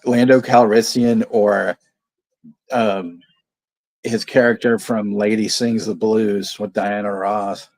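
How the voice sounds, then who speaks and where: A man's voice: fairly low pitch, little pitch movement, slow pace, darkish tone, no room sound. A man co-hosting a movie watch party, swearing freely, laughing often and telling rambling anecdotes. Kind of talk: casual chat.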